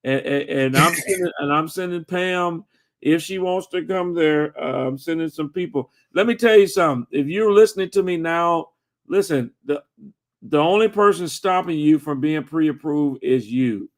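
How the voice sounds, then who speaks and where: A man hosting a live video chat, reading out viewer questions and greeting viewers by name in a halting, friendly way. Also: fairly high pitch. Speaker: host. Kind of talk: casual livestream chat.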